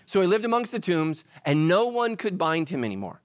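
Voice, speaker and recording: A man preaching a sermon as pastor, animated, swinging between loud emphatic lines and hushed ones. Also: sits high, brisk, no echo, clean studio sound.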